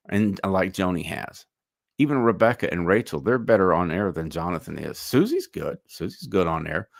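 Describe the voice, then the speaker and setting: A man's voice: low-pitched, no room sound, studio quality. A man hosting a livestream, giving opinionated commentary in a loose, musing way. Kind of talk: casual commentary.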